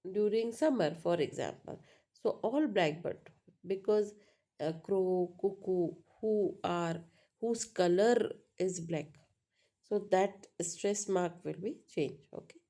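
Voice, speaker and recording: A woman teacher, explaining a lesson slowly, repeating words and asking "right?" to check understanding. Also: mid-range voice, warm tone. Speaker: English teacher. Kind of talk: online lecture.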